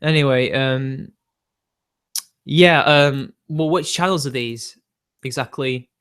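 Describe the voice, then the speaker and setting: A man live-streaming and answering his chat in a rambling way, quickly getting riled and swearing. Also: mid-range voice, a bit bright, smooth.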